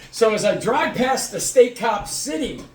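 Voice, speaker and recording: A man casually telling a crude, lively story and acting out the people in it. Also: extremely high pitch, a little slow, soft background music. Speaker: podcast co-host. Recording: echoey room, mic at a distance.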